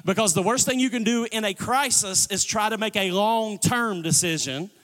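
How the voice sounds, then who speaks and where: A man's voice: high-pitched, normal speed, a bit bright. A man preaching a sermon as pastor, calling on the congregation to respond. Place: church sanctuary. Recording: long church reverb.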